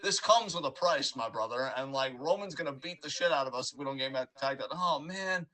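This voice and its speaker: A man co-hosting a casual podcast chat over a call, lively and slipping into character voices as he talks. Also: mid-range voice, fast talker, low-quality recording. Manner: animated, acts out quotes in character voices. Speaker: podcast co-host. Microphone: remote call mic.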